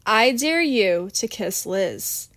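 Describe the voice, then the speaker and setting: A woman's voice: on the high side, animated, slow, fairly bright tone, no room sound. A woman reading a mischievous, blunt young woman with a dry, teasing manner.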